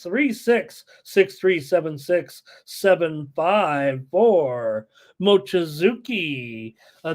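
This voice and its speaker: A man hosting a live sports betting show, excitable and full of "uh" fillers, reading viewer chat aloud. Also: sits high.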